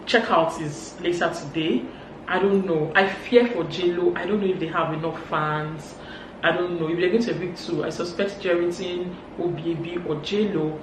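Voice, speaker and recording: A woman with a Nigerian accent giving a casual gossip recap, animated and acting out quotes. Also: moderate pace. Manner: animated, acts out quotes in higher voices. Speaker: vlogger. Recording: roomy, distant mic, faint hum.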